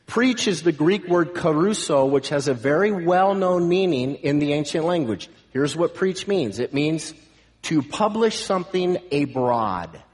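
A man preaching a sermon with emphatic delivery, building to loud proclamations. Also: a little high, animated, unhurried, in a large hall. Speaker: pastor.

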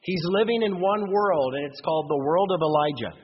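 A pastor preaching a sermon, moving between lively emphasis and quiet asides. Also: male voice, a little high, a little fast, husky. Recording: dull lo-fi recording in long-reverb hall.

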